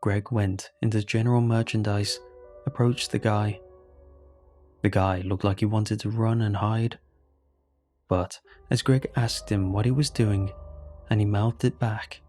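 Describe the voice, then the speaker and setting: A man tells a horror story in a slow, deliberate, grave voice that sits a little low. Every line is scripted narration, unhurried and measured. Quiet music hums faintly behind him. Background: faint background music.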